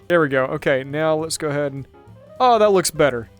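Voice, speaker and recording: A man's voice: on the high side, expressive, fast talker, faint music behind. A man hosting a gaming channel, giving upbeat, jokey running commentary while he plays. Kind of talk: casual gameplay commentary.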